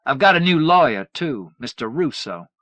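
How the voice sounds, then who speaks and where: A man's voice: a little high, sing-song, normal speed, dry recording, soft background music, voice pushed up. A man voicing a volatile spoiled young man. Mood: boastful. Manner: petulant, erupting into shouting.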